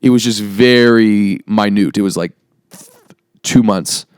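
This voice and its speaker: A man co-hosting a casual podcast, rambling and earnest, sometimes wry. His voice is smooth and resonant. The sound is close and dry. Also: lowish voice, takes it slowly, darkish tone, dry recording. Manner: rambling and earnest when he opens up, wry otherwise. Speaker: podcast co-host.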